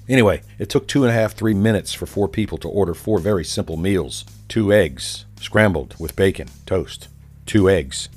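A low-voiced man delivers a ranting political monologue with a sarcastic edge. He tells his story as a commentator would, while faint music plays softly behind him. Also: husky.

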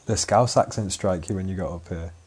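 A young man from northwest England with a Lancashire accent, chatting casually and relaxed, trailing off into fillers. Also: low voice, brisk, slightly rough. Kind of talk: casual chat.

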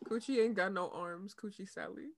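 A woman in casual chat with friends, playing a rhyming word game, playful and quick to laugh. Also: medium pitch.

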